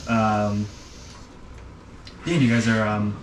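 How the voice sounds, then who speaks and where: A man's voice: lowish voice, level tone, slow. Hesitant man running a tabletop game. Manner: hesitant, many ums and restarts. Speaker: game master. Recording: distant mic with background noise.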